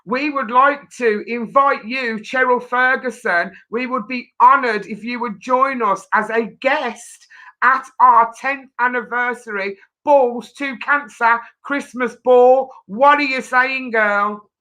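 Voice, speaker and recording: A woman's voice: a little high, slow pace, sharp tone, poor audio. A woman hosting a charity chat show, cheeky and breezy. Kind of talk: casual chat.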